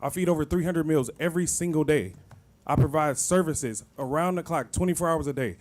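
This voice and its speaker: A man's voice: a little high, fairly quick. A man who founded a shelter provider, giving an impassioned public comment and begging officials to release funds. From Kansas City, Missouri. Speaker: nonprofit founder.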